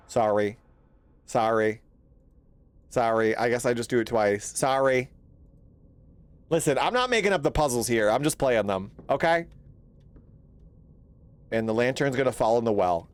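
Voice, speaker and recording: Young man, gaming streamer, swearing, jumpy horror commentary, lively voice. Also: mid-range voice, unhurried, pauses often, dry recording. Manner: jumpy, swearing, laughing and complaining at the game. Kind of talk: horror game let's play commentary.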